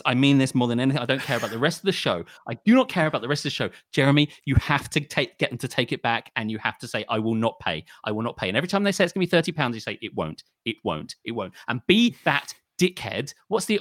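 A man's voice: mid-range voice, fairly bright tone, no echo, studio quality. A man co-hosting a podcast, ranting and swearing in casual chat. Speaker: podcast co-host.

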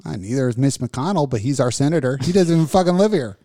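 A man's voice: mid-range voice, animated, quick pace, dark tone, no echo, clean studio sound. A middle-aged man co-hosting a comedy radio talk show, ranting and joking with plenty of profanity. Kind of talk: casual comedic chat.

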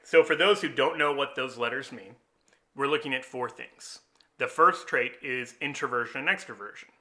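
Bright-voiced animated man explaining. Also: mid-range voice, normal speed. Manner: animated storyteller, chuckles often. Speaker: host explaining personality types. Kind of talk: casual explanatory chat.

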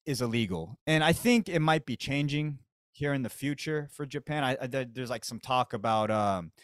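A man's voice: mid-range voice, normal speed, dry recording, studio quality. An American man hosting a podcast, telling a comedic story in slangy, profane, laid-back talk. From United States. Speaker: podcast host.

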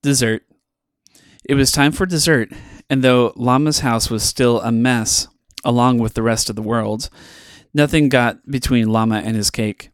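A man reads a children's picture book aloud with playful expression and dramatic pauses. His pitch sits in the middle range, and the sound is dry and close, with no room around it. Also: fairly even intonation, clear, resonant tone, dry recording. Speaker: podcast host reading children's books. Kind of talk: storybook read-aloud.

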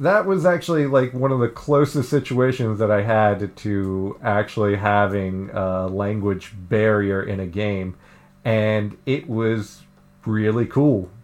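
A man co-hosting a podcast, chatting casually and rambling with lots of fillers and laughter. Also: fairly low pitch. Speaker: podcast co-host. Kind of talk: casual chat. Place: living in Japan.

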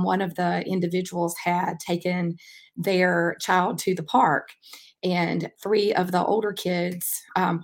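Earnest woman podcaster with a lowish voice. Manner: earnest, rambling, frequent "um" fillers. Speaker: podcast host and track coach. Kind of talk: casual faith-based podcast monologue.

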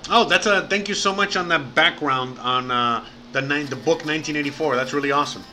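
Male livestream host, slightly high and very bright voice, loose and profane delivery. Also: brisk, soft background music. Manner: rambling and profane, says bro and man often. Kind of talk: casual livestream chat.

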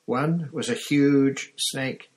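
A man reading an audiobook chapter with measured, expressive storytelling. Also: mid-range voice, slightly rough. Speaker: audiobook narrator. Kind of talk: scripted narration.

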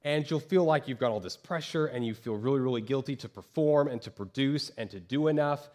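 A man preaching a sermon as pastor from a church stage, talking conversationally and acting out quoted voices with lively jumps. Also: mid-range voice, fairly quick.

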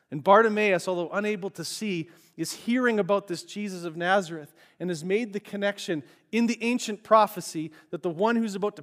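A man delivers a sermon, retelling a story with lively, animated energy. His voice sits high for a man, and he slips briefly into other people's voices as he tells it. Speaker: pastor.

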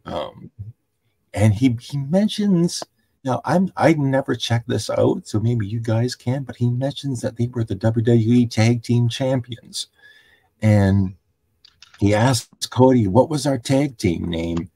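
A man hosting a podcast, recapping a wrestling show casually, halting with lots of ums. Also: medium pitch, mellow, husky. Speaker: podcast host.

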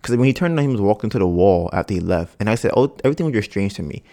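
Slangy, animated man telling a story. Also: very fast. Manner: animated, acts out quoted dialogue with rising pitch; loose slangy speech with frequent fillers. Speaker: podcast host. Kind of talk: casual storytelling monologue.

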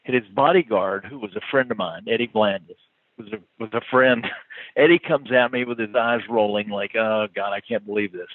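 Man, casual storyteller, rambling, lots of fillers, medium pitch, tinny phone-like sound. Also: normal speed, dry recording. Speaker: touring musician. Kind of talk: casual anecdote telling.

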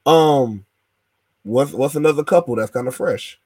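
A man's voice: medium pitch, a little slow, a little mellow, slightly rough, no echo. A man co-hosting a casual wrestling podcast, rambling with slang and many fillers. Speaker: podcast co-host.

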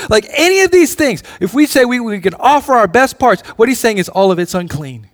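Male pastor, higher voice, casual sermon delivery with restarts and rising intensity. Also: big pitch swings, a little fast, few pauses. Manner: conversational preaching with frequent restarts, rising in intensity.

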